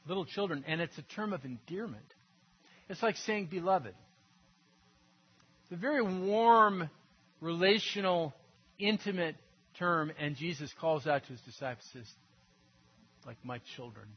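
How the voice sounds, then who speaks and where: A man preaching a sermon in an earnest, conversational way, dropping to a hush and then rising to emphatic peaks. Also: high voice, measured pace, long pauses, breathy edge, highs cut off. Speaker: pastor.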